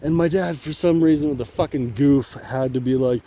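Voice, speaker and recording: Guy rambling and cussing on a walk in the woods, dark mellow voice, laughs a lot. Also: on the high side, normal speed, a little hiss or hum. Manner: rambling, profane, laughs often. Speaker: vlogger. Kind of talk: rambling casual monologue. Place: outdoors on a wooded path.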